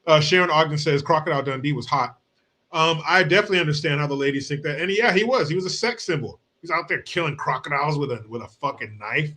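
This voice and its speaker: Bright, crude American podcast host. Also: male voice, fairly high pitch, lively intonation, quick pace, few pauses. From United States. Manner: crude, mocking, laughs often. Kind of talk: podcast commentary.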